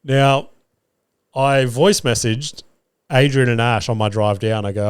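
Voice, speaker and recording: A man's voice: mid-range voice, fairly even intonation, measured pace, smooth, dry recording. An Australian man hosting a podcast, telling stories in a casual monologue, swearing freely and acting out what he said. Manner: swears freely, acts out his own quoted lines. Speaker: podcast host and stand-up comedian.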